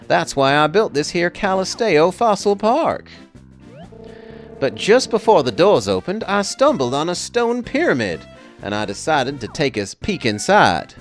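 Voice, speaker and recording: A man doing a put-on Texan accent to voice a folksy old cowboy who owns a fossil park, drawling as he reads the game's lines. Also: a little high.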